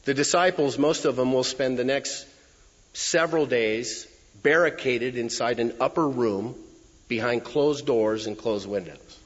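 Husky preaching man in a reverberant hall. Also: mid-range voice, measured pace. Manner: expressive preaching with emphatic asides. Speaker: pastor. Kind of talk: sermon. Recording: reverberant hall, dull lo-fi sound.

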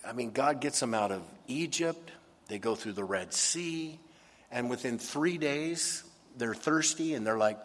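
A pastor preaches an energetic sermon in a middle-pitched voice, speaking a little slowly and sometimes acting out whiny, complaining voices to make his point. The audio has a long reverb, like a large hall.

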